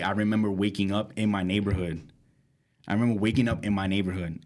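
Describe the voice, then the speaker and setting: Young new dude on a podcast, slangy, jumps way up in pitch when he quotes people, laughs a lot. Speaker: podcast co-host. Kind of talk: casual storytelling chat.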